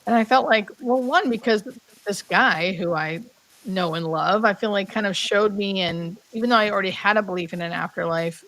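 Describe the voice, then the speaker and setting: A woman in her thirties recounts a personal story as an interview guest. She talks in a heartfelt, meandering way, full of "like" fillers, and drops to a hushed whisper now and then. Her voice sits at an ordinary middle pitch. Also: normal speed, low-quality recording. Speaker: guest, hospice nurse. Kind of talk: emotional storytelling.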